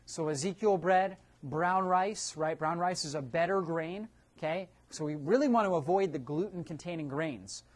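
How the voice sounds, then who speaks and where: A man with a voice on the high side runs a nutrition seminar for a live audience, quizzing the room at a moderate pace with few pauses. He keeps checking in by tagging his points with "right?"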